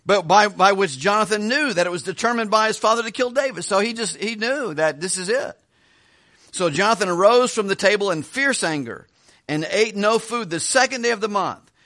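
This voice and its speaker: A man teaches from the Bible verse by verse in a loose, conversational way. His voice sits high and sounds bright and forceful. He breaks off often to ask rhetorical questions and restarts his sentences. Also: expressive, moderate pace. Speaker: preacher.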